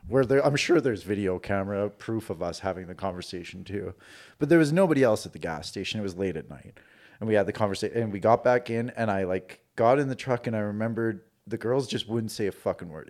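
A man from Canada telling a personal story on a podcast in a casual, profane way, acting out the dialogue. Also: on the low side. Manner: profane, animated, acts out quoted dialogue. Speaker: podcast guest recounting a personal experience.

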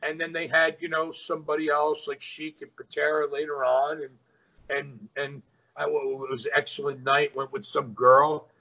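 A middle-aged man telling rough, animated wrestling stories in a casual, profane way. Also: fairly high pitch, normal speed, lo-fi sound. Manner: animated, swears freely, acts out quotes. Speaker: wrestling guest. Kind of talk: casual storytelling.

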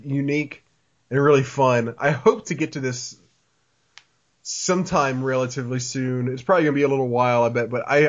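A man hosting a casual podcast, reading listener mail and chatting, laughing often and restarting his sentences. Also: medium pitch. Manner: laughs often, repeats words when restarting. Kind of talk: casual chat. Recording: dull lo-fi sound.

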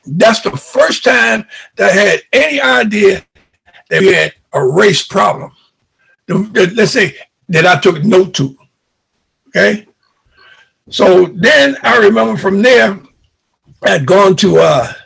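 An older man from New York looks back on his early years in an interview. His voice sits fairly high, very gravelly and raspy. He tells his stories with energy and acts out the dialogue he remembers. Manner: animated storyteller who acts out remembered dialogue. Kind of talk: recounting childhood memories.

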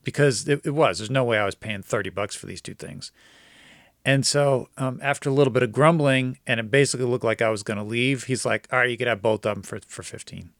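A man casually telling a long story on a podcast, acting out the other people's lines and getting excited at the twist. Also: mid-range voice, a little fast, no room sound. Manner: animated, quotes others in dialogue, gets excited.

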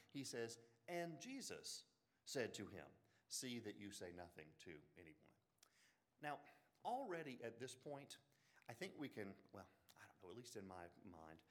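A man with an Alabama Southern accent giving a classroom lecture on the Bible, animated, with joking asides and frequent restarts. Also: medium pitch. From Birmingham, Alabama.

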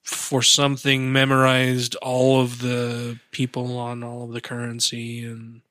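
A man's voice: medium pitch, monotone, unhurried, bright, forceful tone, no room sound, studio quality. A man co-hosting a casual podcast chat, joking and sarcastic, with frequent swearing. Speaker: podcast co-host.

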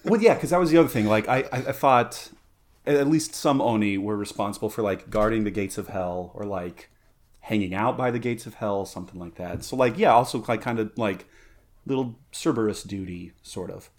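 A low-voiced man chats loosely on a podcast, full of "like" and restarts. He laughs along easily with his co-host. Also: brisk. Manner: rambling, filler-heavy, laughs along. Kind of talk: casual chat.

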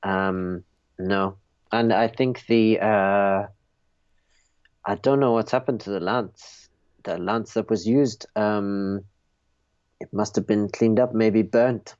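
A man's voice: fairly low pitch, fairly even intonation, slow, pauses often, a little mellow, clean tone, dry recording, dull audio. Man putting on a stammering French steward. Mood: nervous. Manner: hesitant, stammering, easily rattled. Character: flustered male steward in royal livery.

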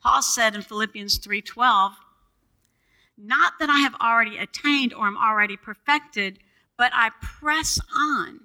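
Bright-voiced older woman preaching. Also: a little high, rough recording. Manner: calls for congregation response. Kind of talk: sermon. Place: church. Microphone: boom mic.

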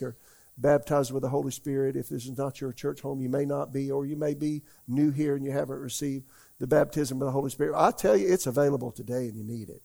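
Older man preaching with a gravelly voice. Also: mid-range voice, mellow. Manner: folksy, rambling, asks the congregation questions. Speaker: pastor. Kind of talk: conversational sermon. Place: church.

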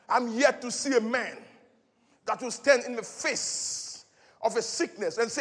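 High-voiced preaching man in a hall. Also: a little slow, breathy edge. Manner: impassioned preaching, repeating phrases, swinging from soft to loud. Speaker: pastor. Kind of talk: sermon. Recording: long hall reverb.

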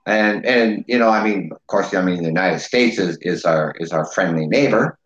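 Low-voiced man on a dull, echoey line. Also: normal speed, fairly bright tone. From Ontario, Canada. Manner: hesitant, many fillers like "you know". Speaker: podcast host. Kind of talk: casual chat.

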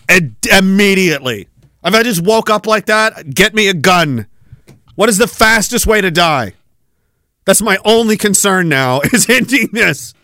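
A man rants crudely on his podcast, swearing and mocking as he goes. His voice sits high and bright, with a sharp edge. The recording is dry and close. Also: no room sound. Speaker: podcast host. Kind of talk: ranting commentary.

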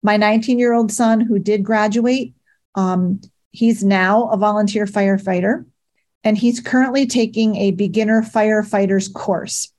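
Middle-aged mom, direct and practical advice talk, mid-pitched, casual fillers. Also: female voice, fairly even intonation, normal speed, a little mellow. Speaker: parent advocate.

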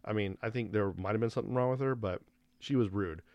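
A man hosting a podcast alone, telling a rambling story in a casual, animated way and acting out the dialogue. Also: lowish voice, fast, no echo, dull audio. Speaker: podcast host.

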